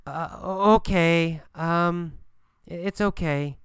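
A man's voice: high-pitched, sing-song, moderate pace, bright, forceful tone, smooth, no echo, clean studio sound, pitched above the performer's own voice, exaggerated voice. A man voicing a timid young woman student who stammers hesitantly.

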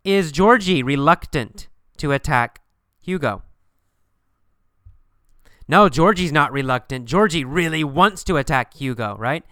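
Male teacher, slow deliberate pace, smooth clear voice, drills questions and answers. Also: on the high side, expressive, sharp tone, no room sound, clean studio sound. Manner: asks and answers his own questions, repetitive, emphatic. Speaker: English teacher. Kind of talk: question-and-answer story lesson.

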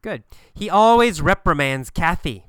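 A man teaching an English pronunciation lesson, asking and answering his own questions deliberately. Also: fairly high pitch, expressive, smooth, no echo, studio quality. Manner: slow, deliberate, repetitive questioning.

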